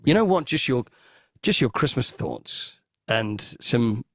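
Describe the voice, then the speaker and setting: A man's voice: medium pitch, slow, no echo, clean studio sound. An English man chatting as a guest over a video call, telling stories animatedly and acting out scenes. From Britain. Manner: animated storyteller, acts out scenes. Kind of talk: casual chat.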